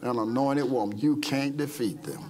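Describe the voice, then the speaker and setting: A pastor with a mid-range voice delivers a fervent sermon at a moderate pace during a church service. He invites people to come forward in an altar call and acts out the quotes in the stories he retells.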